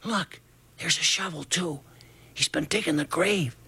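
Storybook figure: man putting on a chubby, eager boy, a bit higher pitch, urgent and hushed delivery. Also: measured pace, gravelly, slightly rough, heavily acted. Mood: hushed excited.

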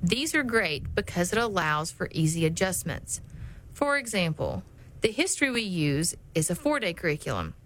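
A middle-aged mother giving calm, reassuring advice about homeschooling in a scripted talk. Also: fairly low pitch, normal speed, a little hiss or hum, rough recording.

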